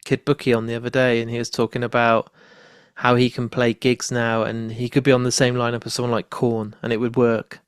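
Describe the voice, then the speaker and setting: A man's voice: mid-range voice, little pitch movement, fairly quick, clear, resonant tone, dry recording, studio quality. A man hosting a podcast, chatting casually with a guest and swearing freely. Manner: laid-back, swears casually. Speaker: podcast host. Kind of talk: casual interview chat.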